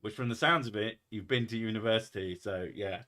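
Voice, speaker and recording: Bright-toned sweary English man. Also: fairly low pitch, a little fast. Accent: English, mix of posh and Essex. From England. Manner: sweary and joking. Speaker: streamer. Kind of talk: casual stream chat.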